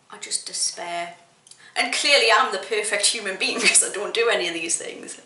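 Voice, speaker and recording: A woman's voice: medium pitch, noisy background. Exasperated English woman ranting in a roomy space. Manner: exasperated, sweary, animated ranting. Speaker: vlogger. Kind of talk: casual ranting monologue. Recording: roomy echo.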